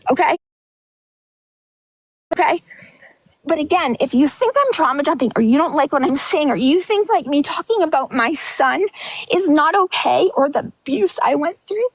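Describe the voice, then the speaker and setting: In a dry recording, a livestream host with a high-pitched voice delivers a candid, emotional monologue. She speaks bluntly, rambles and restarts, and sounds somewhat breathless.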